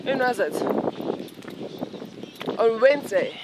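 A young woman chatting casually in her vlog, excitable and rambling, with frequent giggles. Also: on the high side, slow pace, noisy background. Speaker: vlogger.

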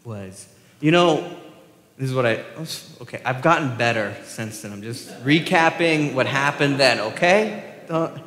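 A pastor with a Southern US accent giving a sermon, joking about himself and asking the congregation rhetorical questions. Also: male voice, medium pitch, expressive, unhurried, fairly bright tone. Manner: self-deprecating, joking with the congregation; asks the crowd rhetorical questions. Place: church sanctuary. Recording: echoey church hall with long reverb.

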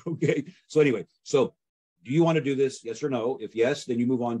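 A man with a medium-pitched, warm voice, a breathy edge, fairly even intonation and a fairly quick pace gives instructional talk. He teaches how to handle real estate sales calls in a casual, conversational way, often acting out both sides of a call and repeating fillers.

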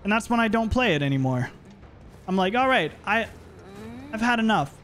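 High, lively man streaming a game. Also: normal speed, a little hiss or hum. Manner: animated, playful, yells at the game. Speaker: livestreamer. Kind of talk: live gameplay commentary.

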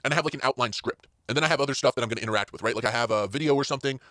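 Fast-talking man rambling in his car. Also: medium pitch, fairly bright tone, dry recording, clean studio sound. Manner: rambling, full of fillers and restarts. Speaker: podcast host. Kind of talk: casual solo podcast chat. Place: inside a parked car.

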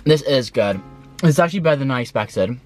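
A man chatters away from the driver's seat, excitable and rambling, with plenty of swearing. His pitch sits in an ordinary middle range, and music plays behind him. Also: fairly quick. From Sweden. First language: Swedish. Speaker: food vlogger. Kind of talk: casual food review vlog. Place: in a car while driving.

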